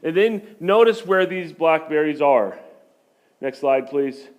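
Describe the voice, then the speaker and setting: A man's voice: on the high side, animated, slow. A middle-aged man, a pastor, giving a sermon in a church in a conversational, joking storytelling manner.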